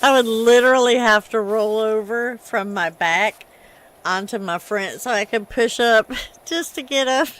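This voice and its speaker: A woman's voice: fairly high pitch, unhurried, a bit bright. A woman hosting a casual gaming livestream, chatting and laughing as she reads chat aloud.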